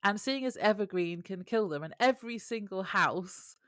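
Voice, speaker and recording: A woman's voice: mid-range voice, lively intonation, normal speed, a bit bright, no echo, clean studio sound. A woman co-hosting a podcast, recapping a TV episode in casual chat with a wry, laughing manner. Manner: wry, laughs often between remarks. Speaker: podcast co-host.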